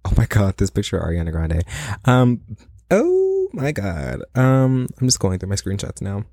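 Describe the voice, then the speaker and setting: A man's voice: lowish voice, fairly quick, mellow, dry recording, clean studio sound. A young man hosting a solo podcast in a casual, rambling way, playfully boastful and full of dramatic asides. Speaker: podcast host.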